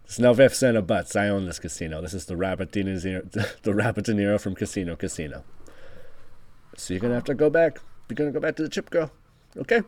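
A man's voice: on the low side, animated, fast, a little mellow, lightly acted. A man improvising a scheming casino boss in a tabletop role-play, talking bluntly in rambling bursts with self-mocking asides. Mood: bossy.

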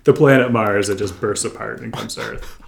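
A man co-hosting a comedy podcast, eagerly pitching a movie idea in casual chat. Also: fairly quick, gravelly. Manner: enthusiastic, pitching ideas eagerly. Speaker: podcast co-host.

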